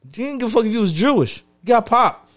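A man's voice: very high voice, lively intonation, fast talker, fairly bright tone. A man co-hosting a podcast, trading loose, profane, joking banter in casual chat. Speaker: podcast co-host.

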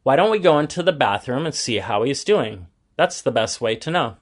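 A man voicing a gentle reassuring dad. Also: medium pitch, expressive, normal speed, natural voice. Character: caring father, calm and reassuring.

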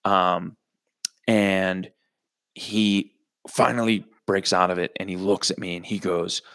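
Young male host, lowish voice, profane rambling storyteller, dry booth sound. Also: little pitch movement, slow pace, a bit bright, dry recording. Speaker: podcast host. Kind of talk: comedic storytelling monologue.

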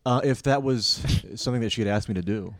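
A young man in crude casual chat, making dry deadpan jokes with halting restarts. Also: mid-range voice, no echo.

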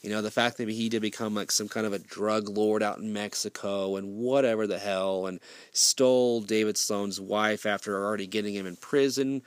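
A man's voice: on the low side, fairly even intonation, normal speed, clear, resonant tone, dry recording. A man giving a casual film review, rambling and swearing freely, with frequent restarts.

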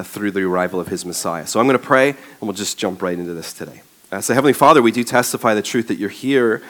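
Male pastor, lowish voice, loose conversational preaching, lots of filler words. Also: fairly bright tone. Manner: conversational with frequent ums and uhs. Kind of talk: sermon.

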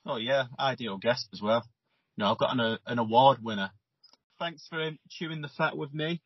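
Relaxed podcast host, husky and dry. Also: male voice, mid-range voice, moderate pace, no echo. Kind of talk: casual podcast chat. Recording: dull lo-fi dry sound.

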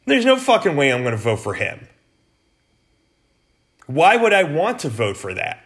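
A man's voice: fairly high pitch, wildly swooping pitch, normal speed, pauses often, a bit bright. A man hosting a political podcast, delivering an angry, profane rant in a blunt, heated way. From United States.

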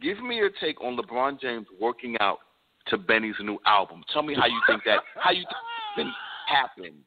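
A man in casual hip-hop debate chat, animated and insistent, pressing his partner with questions. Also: mid-range voice, moderate pace, gravelly. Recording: tinny phone-like sound.

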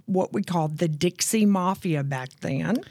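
A woman guest telling her own story of addiction and recovery in an earnest, candid way, slowing down to stress key points. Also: on the low side, darkish tone, a little hiss or hum. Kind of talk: personal testimony in conversation.

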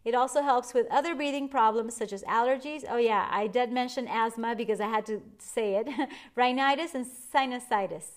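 A chatty woman life coach talks on her podcast in a fairly high voice. She is encouraging and laughs often, mixing read-out facts with friendly asides. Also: normal speed. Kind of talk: casual podcast monologue.

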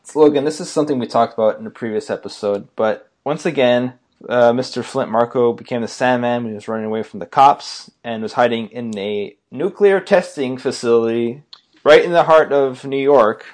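A man's voice: mid-range voice, a little fast. Laid-back joking man podcaster. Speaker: podcast co-host. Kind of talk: casual chat.

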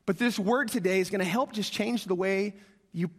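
A pastor preaches a sermon in a large hall with long reverb, speaking at a moderate pace in a voice that sits high. He tells a story with animation, acting out the quoted voices and calling out questions to the congregation.

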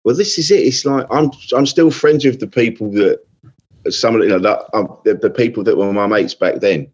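A man's voice: on the low side, fairly quick, breathy edge, dull audio. A man, a comedian chatting on a podcast, telling stories with a self-deprecating streak. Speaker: comedian guest. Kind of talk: casual podcast chat.

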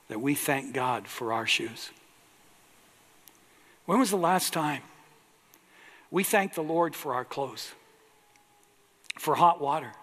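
A male pastor delivers a sermon in an earnest, emphatic way, stretching out the words he stresses. His voice sits a little high for a man, and he speaks slowly and deliberately. The sound carries a long reverb, like a large church hall. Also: a bit bright.

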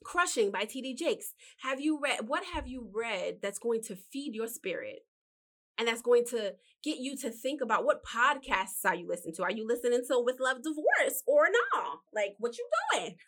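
Casting note: woman in her thirties as a motivational podcast host, fairly high voice, animated and preachy, calls the listener honey. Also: normal speed. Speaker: podcast host giving life advice. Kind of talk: casual motivational talk.

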